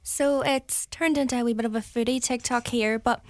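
A woman's voice: a little high, fairly even intonation, normal speed, no room sound, studio quality. A woman with a Northern Irish accent reporting on social media trends in a casual, bubbly radio chat.

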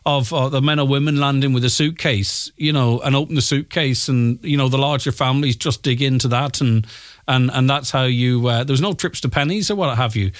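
A man's voice: medium pitch, brisk, no room sound, studio quality. A man hosting a casual radio interview, chatty and prompting his guest with his own thoughts. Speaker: radio host.

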